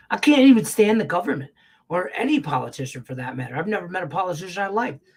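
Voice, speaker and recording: A man hosting a live betting show, ranting profanely about the game on screen. His voice sits a bit high for a man, and he swings from loud outbursts down to low grumbles. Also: a little fast, slightly rough. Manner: profane, excitable, rants then mutters low. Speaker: sports betting show host.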